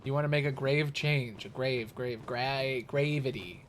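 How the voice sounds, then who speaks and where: A man streams a video game with casual commentary, rambling jokily and growing exasperated at a boss he can't beat. His mid-range voice stays steady and a little slow, with audible background noise behind it.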